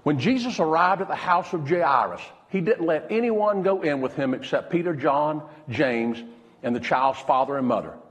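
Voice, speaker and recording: A man preaching a sermon as pastor, pausing dramatically and dropping to a hush when he quotes someone. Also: on the high side, expressive, in a large hall.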